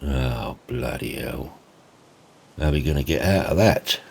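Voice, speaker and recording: Deep low guy, relaxed chatty roleplay, calls everyone mate. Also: measured pace, gravelly, breathy edge. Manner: laid-back, chatty, says mate a lot. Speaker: roleplay host. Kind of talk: casual roleplay narration and chat.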